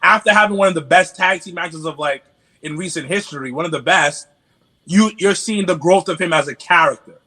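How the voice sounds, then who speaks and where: A man from New York with a New York accent, a podcast guest in casual chat, animated and stammering through restarts. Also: on the high side, fairly quick.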